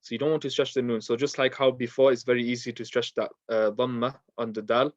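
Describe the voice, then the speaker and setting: A man teaching a Quran pronunciation lesson, patiently explaining mistakes and repeating words slowly for practice. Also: medium pitch, little pitch movement, dry recording. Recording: dull, dry lo-fi sound.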